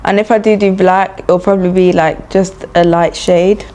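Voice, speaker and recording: A woman's voice: lowish voice, fairly even intonation, normal speed, mellow. A young woman with a London accent chatting frankly through a get-ready-with-me vlog, filling her talk with "like" and "you know". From London, England. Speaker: beauty and travel vlogger. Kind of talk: get-ready-with-me casual chat. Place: indoors while travelling.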